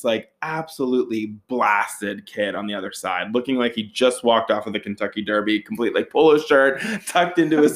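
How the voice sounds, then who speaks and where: Swearing casually and full of energy, a man spins a wild tale for his friends in a mid-range voice. When he quotes people, he acts the lines out with dramatic jumps in pitch.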